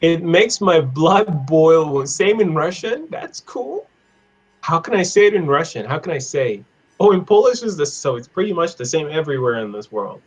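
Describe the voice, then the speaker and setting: A man teaching an online English class on idioms, playful, laughing often and repeating phrases slowly. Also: on the high side, big pitch swings. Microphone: video call.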